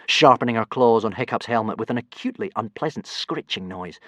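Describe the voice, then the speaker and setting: A man narrating a children's adventure book with expressive delivery. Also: fairly low pitch, moderate pace, hardly any pauses, no echo. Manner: animated, expressive. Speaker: audiobook narrator. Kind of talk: storybook narration.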